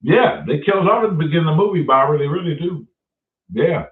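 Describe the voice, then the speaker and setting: A man's voice: on the high side, lively intonation, fast talker. Profane storytelling man on a tinny, roomy line. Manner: profane, storytelling, reads out chat names. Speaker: live-stream host. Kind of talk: casual chat with live viewers. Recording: roomy, distant, phone-like audio.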